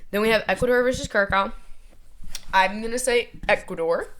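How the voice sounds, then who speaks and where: A woman's voice: fairly high pitch, a little fast, fairly bright tone, slight background noise. A young American woman vlogging in a playful, self-mocking, chatty way. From United States. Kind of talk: casual chat.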